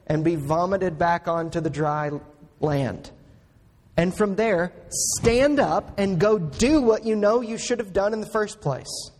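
A man preaching a sermon as a pastor, slow and earnest, pressing each point with emphatic rises. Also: high voice. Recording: long hall reverb.

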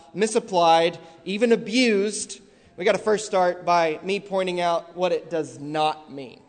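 A male preacher with a high-pitched voice delivers a sermon in a large church hall, hammering his points with heavy, repeated emphasis that climbs to loud, stressed peaks. Long, echoey hall reverb fills the recording.

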